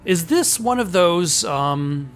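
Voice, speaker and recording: A woman's voice: lowish voice, lively intonation, takes it slowly. A young adult woman chatting casually and rambling while she plays and reads a story game. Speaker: let's player. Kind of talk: casual gameplay commentary.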